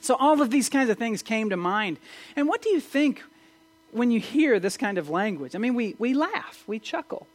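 A man preaching a sermon as pastor, animated and asking his listeners questions, with frequent restarts. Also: extremely high pitch, moderate pace. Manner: animated, asks the audience questions, many restarts.

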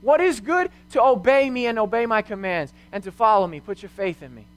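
A young man with a notably high voice delivers a sermon as a youth pastor. He speaks earnestly, weaving personal stories and rhetorical questions into his teaching. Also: lively intonation, fast.

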